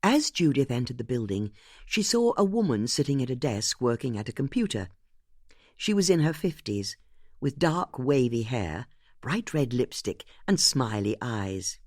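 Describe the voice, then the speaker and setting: An audiobook narrator reading a mystery in an expressive way. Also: mid-range voice, normal speed, no room sound, clean studio sound.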